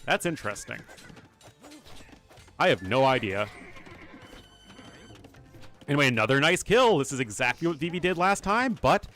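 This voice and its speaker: At normal speed but pausing often, a man with a slightly high, somewhat bright voice and big pitch swings gives casual live esports commentary on a strategy game. A chatty streamer and caster, he rambles in asides and addresses his chat directly over faint music.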